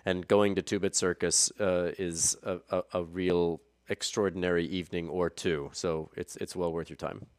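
Low smooth-voiced man, relaxed guest. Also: moderate pace, hardly any pauses, no room sound, studio quality. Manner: relaxed, self-deprecating, rambling with restarts. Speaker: podcast guest. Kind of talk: casual chat.

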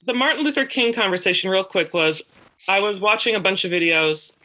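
A man in casual chat, telling a heated personal story, profane and animated, acting out the dialogue. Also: brisk, low-quality recording. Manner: animated, profane, acts out quoted dialogue with rising pitch.

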